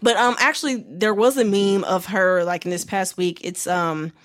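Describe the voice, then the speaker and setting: A young woman co-hosting a casual podcast, chatting in an animated, slangy way with quick asides. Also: medium pitch. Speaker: podcast co-host.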